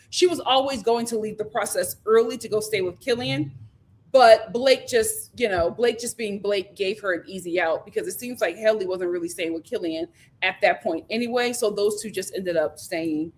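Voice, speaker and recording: A woman hosting a casual recap vlog, telling the story in a lively way and acting out what people said, with filler ums. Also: medium pitch, moderate pace. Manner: lively storytelling, acts out quotes. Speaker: host.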